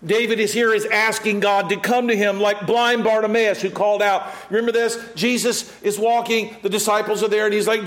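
A middle-aged man delivering a sermon in a notably high voice. He preaches with energy, acting out the people he quotes. He rises to loud calls and drops to hushed, quiet stretches. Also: steady tone, fast talker, hardly any pauses. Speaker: pastor.

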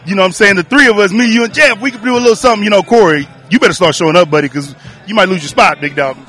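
A man's voice: high voice, rapid-fire, fairly bright tone. A man chatting in an easygoing, friendly way as a guest at an outdoor beer festival. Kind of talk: casual chat at a beer festival.

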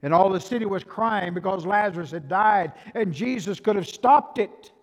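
A man's voice: normal speed, gravelly. Folksy preacher man in a reverberant church. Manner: swings between hushed low asides and loud emphatic preaching; folksy, addresses congregation as folks. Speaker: pastor. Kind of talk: sermon.

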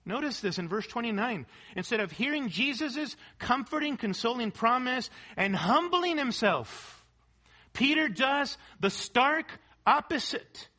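Pastor guy preaching, high bright voice, keeps asking amen?. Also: animated, a little slow. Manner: preaching with call-and-response "amen" and rhetorical questions; reads scripture and quotes aloud, sometimes half-singing a hymn. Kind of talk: sermon.

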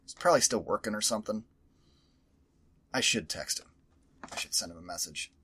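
A man hosting a podcast in casual chat, rambling, animated and profane. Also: fairly low pitch, a little fast, pauses often, slightly rough. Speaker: podcast host.

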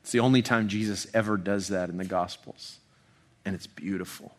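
A pastor with a low voice preaches an expository sermon conversationally, restarting often. On tender passages he goes soft and slow.

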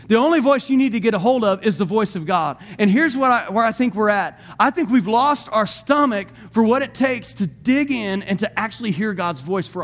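Male pastor, high voice, emphatic Sunday sermon delivery. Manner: preaching with rising emphatic calls and questions to the congregation.

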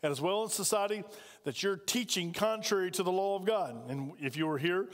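Male pastor, high voice, conversational sermon, long church reverb. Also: a little fast. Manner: conversational preaching, asks the congregation questions. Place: church sanctuary.

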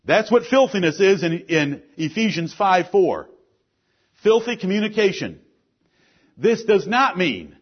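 A male pastor preaches a sermon with a husky, fairly high voice. He leans hard on key phrases and at times drops to a low, quiet delivery. The recording is dull and lo-fi. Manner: preaching with rising emphasis, then dropping to a low, quiet delivery.

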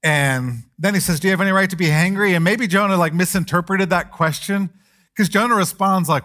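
A middle-aged male pastor delivering a sermon in a slightly higher-than-usual voice. He preaches with animation, rising in pitch and force as he acts out the speakers of the text. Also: fairly quick, pushed and bright.

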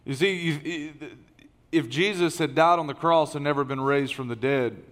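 A man's voice: fairly high pitch, moderate pace, fairly bright tone. A middle-aged man, preaching a conversational, folksy sermon as lead pastor, with many fillers and restarts. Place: large church auditorium. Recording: long reverb of a large hall.

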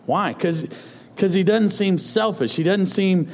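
This preacher's voice sits high and moves a little slowly. Talking casually to his congregation, he keeps tripping over repeated words and starting sentences over.

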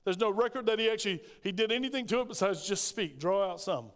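A man's voice: high-pitched, expressive, quick pace. A man preaching a sermon as pastor, firing off rhetorical questions and acting out scripture quotes. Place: church sanctuary. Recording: long hall reverb.

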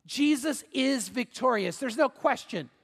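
High-voiced pastor preaching in a hall. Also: male voice, animated, a little slow. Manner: earnest, emphatic preaching with repeated phrases. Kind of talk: sermon.

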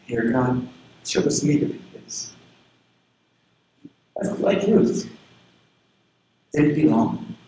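A man's voice: slow, long pauses. Earnest preacher man, very echoey hall. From southern Florida. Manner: earnest, personal storytelling with lively pitch swings. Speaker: pastor. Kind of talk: sermon. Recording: very echoey room with faint background noise.

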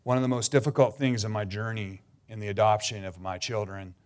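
A middle-aged pastor from Canada giving a sermon, telling personal stories in an earnest, sometimes emotional way. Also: male voice, on the low side, steady tone, fairly quick, smooth.

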